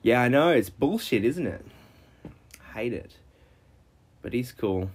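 A man streaming live, ranting in frustration, swearing, and jumping into high-pitched yelling. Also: animated, unhurried, breathy edge.

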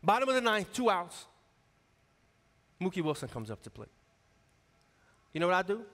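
A man in his forties preaches with a notably high, bright voice, telling stories and calling out to the congregation. His voice carries a long reverb that fills the church sanctuary around him. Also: very animated, normal speed. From New York area. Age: 40s. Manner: conversational, storytelling, calls out to the congregation. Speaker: associate pastor. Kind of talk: sermon.

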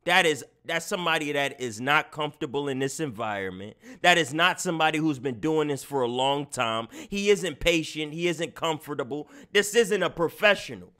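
A man's voice: fairly high pitch, normal speed, few pauses, clear, resonant tone. A man streaming live, reacting to clips and mocking them to his chat in casual talk. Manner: animated, mocking, talks to chat.

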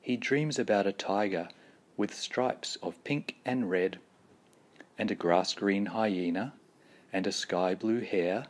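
A man reading a children's picture book aloud in a slow, deliberate, expressive storytelling manner. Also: fairly low pitch. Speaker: storybook reader.

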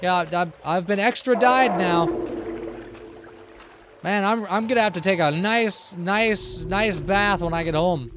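Over music, a man with a high-sitting voice streams live gameplay at a measured pace. He's playful and jokey, talking back to the game's characters and rambling to himself with frequent restarts.

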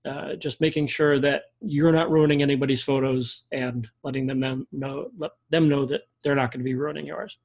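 A man, a guest photography instructor, explaining in a relaxed interview chat and pausing often with fillers. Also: medium pitch, gravelly, poor audio. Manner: relaxed, many fillers and restarts. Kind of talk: casual interview talk.

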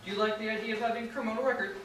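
A man's voice: high-pitched, steady tone, racing, fairly bright tone, a little hiss or hum. A young man playing a nervous, blustering city policeman in a school stage play. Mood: flustered. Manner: blustering, flustered, rambling. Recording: echoey stage from far off.

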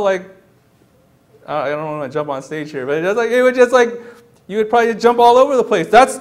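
High-voiced man preaching an animated sermon. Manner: animated, repeats words, acts out quoted voices. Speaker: pastor.

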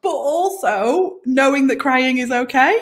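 Animated northern English woman coach. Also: high-pitched, unhurried. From northern England. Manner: emotional, animated, laughs easily. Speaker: business coach guest. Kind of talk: casual interview chat.

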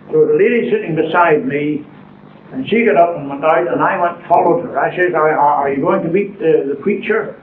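An older man gives an earnest sermon testimony, taking his time over the key words. His voice sits fairly high for a man and comes from far back in a roomy church. The recording is thin and phone-like, with a faint hiss underneath. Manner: earnest, storytelling, slow deliberate emphasis. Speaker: preacher.

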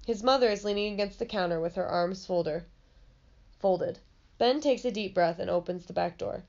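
A woman reading a children's chapter book aloud, pausing to explain lessons plainly, in a slightly muffled recording. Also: mid-range voice, a little mellow. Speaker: storybook reader.

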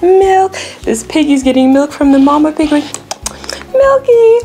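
Brief: young woman, high lively sing-song voice, toddler teacher, soft music under her. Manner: slow, exaggerated, cheerful teacher talk with animal noises. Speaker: children's educator.

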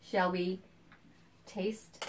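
A woman co-hosting a playful cocktail show as the first mate, brisk and keeping the recipe moving. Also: fairly low pitch, little pitch movement, noisy background. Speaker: co-host playing the first mate.

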